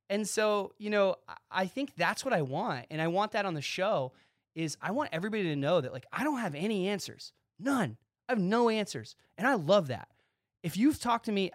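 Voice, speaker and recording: A man hosting his own podcast, talking excitedly in a casual monologue and acting out quick bits of dialogue. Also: sits high, no echo, clean studio sound. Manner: excitable, animated, talks with his hands in quoted dialogue. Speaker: podcast host.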